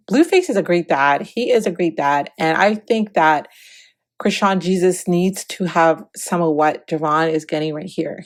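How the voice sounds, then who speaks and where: A woman with a somewhat low voice delivers opinionated gossip commentary. She lectures in a preachy tone, repeating phrases for emphasis. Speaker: celebrity gossip vlogger.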